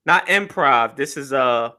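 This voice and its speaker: A man's voice: mid-range voice, measured pace. A man co-hosting a podcast in casual banter. He jokes around and laughs easily. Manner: animated, joking, laughs easily. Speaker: podcast co-host.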